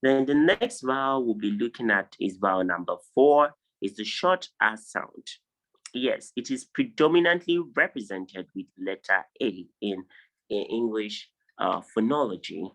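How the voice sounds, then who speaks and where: A man's voice: on the low side, animated, measured pace, a bit bright, poor audio. A man teaching an online class, reading out word lists and stressing and repeating each pronunciation. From Nigeria. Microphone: video call.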